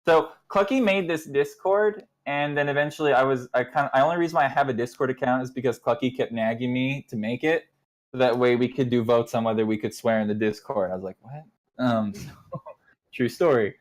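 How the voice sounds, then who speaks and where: A man's voice: medium pitch, a little fast. A young man casually recounting the history of his online community as its leader, rambling and acting out quoted exchanges.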